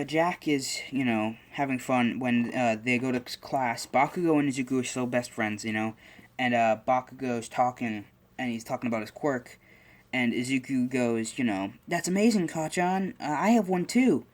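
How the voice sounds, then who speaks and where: Rambling man telling a story casually. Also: medium pitch. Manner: rambling, full of "you know" fillers.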